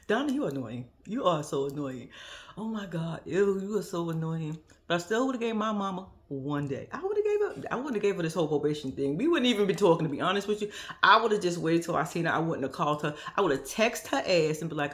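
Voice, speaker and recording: A young woman talks through a reality-show episode in loose, profane commentary. Her pitch swings all over as she laughs and acts out the people she quotes, and then she drops back to flat asides. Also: normal speed. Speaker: reaction vlogger.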